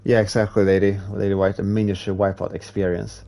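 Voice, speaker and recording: A man with a hard-to-place accent chatting casually with viewers while streaming a racing game, talking in a relaxed, halting way. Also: on the low side, gravelly. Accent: hard-to-place non-native English accent. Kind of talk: casual live-stream commentary.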